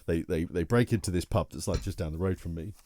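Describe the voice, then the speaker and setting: A man's voice: low-pitched, fast talker, warm tone, dry recording, clean studio sound. A tired man, co-hosting a casual podcast chat and telling a rambling story full of restarts. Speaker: podcast co-host.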